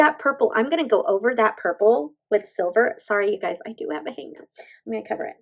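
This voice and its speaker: A woman's voice: medium pitch, fast, vocal fry, low-quality recording. A woman, chatting casually through a nail stamping tutorial and gushing to her viewers as she works. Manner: bubbly, gushing, talks to viewers as "you guys". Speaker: beauty vlogger.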